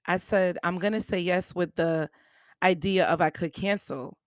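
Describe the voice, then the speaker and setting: A woman's voice: fairly low pitch, takes it slowly, pauses often, no room sound, studio quality. A young adult woman hosting a podcast, candidly telling a personal story in a conversational way and acting out what others said. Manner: candid, conversational, acts out quoted voices. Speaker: podcast host.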